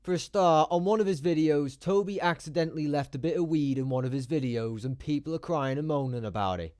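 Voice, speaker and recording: A man's voice: a little high, a little fast, few pauses, darkish tone, no room sound, studio quality. A man giving blunt, sarcastic commentary, swearing freely as he talks. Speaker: YouTube commentator. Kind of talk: opinionated commentary.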